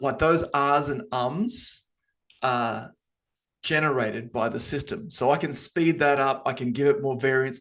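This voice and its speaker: A man co-presenting on a webinar, talking casually and rambling, with lots of ums and restarts. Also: mid-range voice. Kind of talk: casual live demo talk.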